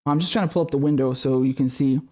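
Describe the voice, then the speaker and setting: A man's voice: mid-range voice, steady tone, quick pace, darkish tone. A man giving an angry political rant as a commentator, swearing heavily and stumbling over his words in a room with a globe behind him.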